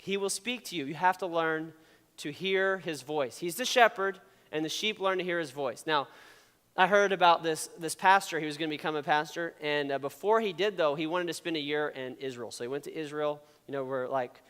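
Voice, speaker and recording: Man, casual sermon, smooth high voice, long hall reverb. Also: fairly quick. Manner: conversational, animated, frequent "okay?" asides.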